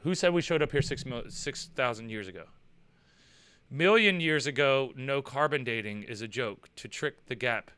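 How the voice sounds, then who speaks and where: A man's voice: medium pitch, normal speed, pushed and bright, clean tone, no room sound. A man hosting a casual livestream chat, telling rambling, profane stories and reading viewer messages. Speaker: host.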